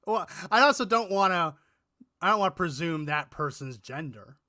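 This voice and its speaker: A man's voice: sits high, expressive, normal speed, bright, forceful tone, no room sound, clean studio sound. A man hosting a casual political chat show, meandering and restarting his sentences with the odd chuckle. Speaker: podcast co-host.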